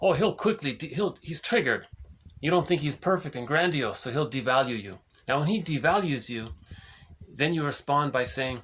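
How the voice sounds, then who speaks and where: A man's voice: mid-range voice, normal speed, creaky, a bit bright, slight background noise. A man giving an informal spoken lesson, explaining ideas conversationally, often restarting sentences and ending points with "right?". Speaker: lecturer on psychology.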